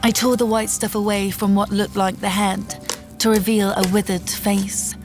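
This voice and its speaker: A woman's voice: medium pitch, little pitch movement. Woman narrating horror, faint music. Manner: tense, measured storytelling.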